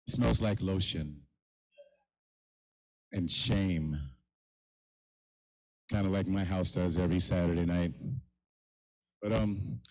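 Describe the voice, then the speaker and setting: A man's voice: on the low side, a little mellow, rough recording. A middle-aged man hosting a live comedy show in a kava lounge, rambling and mocking himself with stumbling restarts.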